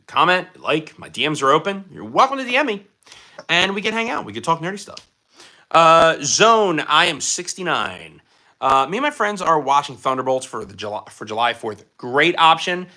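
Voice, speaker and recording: The young man's voice runs on the high side, bright and forceful. He's hosting a casual livestream indoors under bright lights, reading viewer comments and rambling with lots of fillers and restarts.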